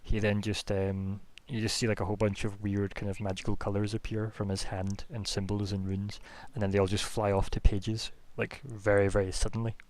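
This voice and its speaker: A man's voice: on the low side, little pitch movement, fairly quick, few pauses, a little mellow. A man narrating a tabletop game as game master, rambling with lots of fillers.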